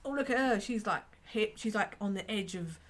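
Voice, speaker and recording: A woman with a bright voice co-hosts a casual film review podcast. She talks in a loose, chatty way, laughs often and leans on filler words. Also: mid-range voice, normal speed. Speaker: podcast co-host.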